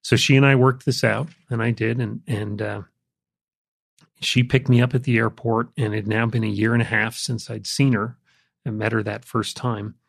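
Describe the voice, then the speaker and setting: An older man, an interview guest, telling a personal story in a relaxed, reflective way, with frequent fillers. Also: medium pitch, moderate pace, vocal fry, no room sound, clean studio sound. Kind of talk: conversational storytelling.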